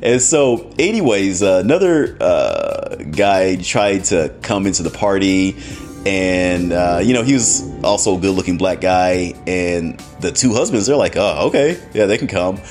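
A man with a low voice tells a story on his podcast, his pitch swinging widely as he gets worked up. He laughs often and swears without holding back, in a loose, casual way. Faint music plays underneath. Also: animated, measured pace, a little mellow. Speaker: podcast host.

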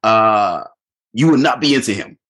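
A man's voice: lowish voice, animated, normal speed, fairly bright tone. A man hosting a podcast in a casual, laid-back chat, chuckling often and talking with lots of fillers. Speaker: podcast host.

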